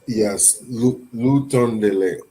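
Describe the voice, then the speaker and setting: A man's voice: on the low side, slow pace, mellow, husky. A man taking part as a student in an online language class, asking tentative clarifying questions. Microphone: video call.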